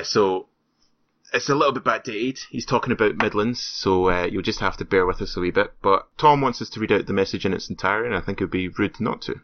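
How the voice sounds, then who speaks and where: A man co-hosting a gaming podcast in a loose, rambling way, full of fillers. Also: low-pitched. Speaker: podcast co-host. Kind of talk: casual podcast chat. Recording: dry, slightly muffled sound.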